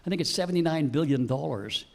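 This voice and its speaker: Man, fairly high voice, political speech, emphatic, impassioned, town hall speaker. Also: expressive, fast, vocal fry, a little mellow. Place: public meeting hall.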